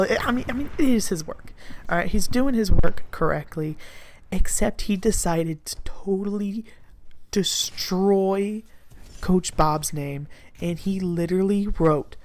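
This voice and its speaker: A young woman casually telling a rambling school story in an animated, crude way. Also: medium pitch. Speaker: storyteller vlogger.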